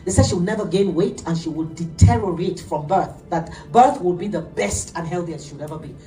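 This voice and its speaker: A middle-aged woman pastor preaching an animated sermon, laughing often as she tells stories. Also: lowish voice, fairly quick, faint music behind. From Nigeria. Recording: echoey room, heard from a distance.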